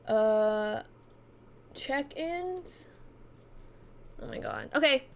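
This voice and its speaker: A woman's voice: high-pitched, animated, extremely slow, vocal fry. A woman streamer chatting casually on a live stream, giggly and self-mocking.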